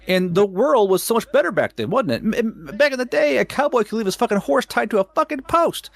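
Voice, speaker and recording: A man from Oklahoma rants in a casual podcast chat, his pitch leaping up and down with lively energy. His voice sits a bit on the high side, and he swears constantly, restarting sentences with stuttered repeats. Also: a little fast, gravelly, no room sound. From Oklahoma, USA. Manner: heated, profane ranting with many stuttered restarts.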